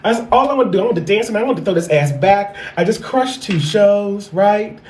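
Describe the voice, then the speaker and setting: A sassy, foul-mouthed man in his thirties tells a stand-up story, circling back to repeat his best lines. His voice sits notably high. The sound rings around an echoey room. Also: lively intonation, brisk, darkish tone, slight background noise. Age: 30s. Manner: sassy, profane, repeats punchlines. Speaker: stand-up comedian.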